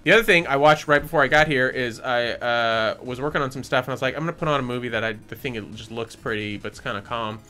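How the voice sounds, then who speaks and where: Bright-voiced man enthusing about movies. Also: medium pitch, quick pace, few pauses, soft background music. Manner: enthusiastic, rambling, restarts sentences. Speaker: podcast host. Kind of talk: casual film chat.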